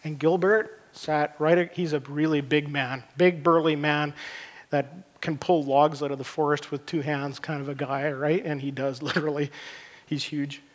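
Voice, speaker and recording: The pastor, a middle-aged man, speaks at normal speed in a voice on the high side with fairly even intonation. His sermon is earnest and chatty, full of repeated words while he gropes for phrasing. The church hall lends a long reverb.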